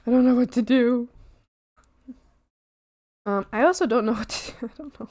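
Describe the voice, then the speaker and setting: A woman art streamer chatting casually with her viewers while she draws, excitable and giggly, often squealing and pleading with her chat. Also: fairly high pitch, moderate pace. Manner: talks to chat and greets viewers by name.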